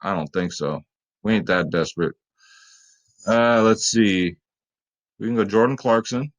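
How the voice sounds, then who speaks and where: A man with a slightly low voice giving fantasy sports lineup advice in a loose, chatty way. He swears casually and keeps talking straight to his viewers. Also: measured pace, low-quality recording. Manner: loose, profane, chatty, talks to viewers as "guys". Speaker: fantasy sports picks host.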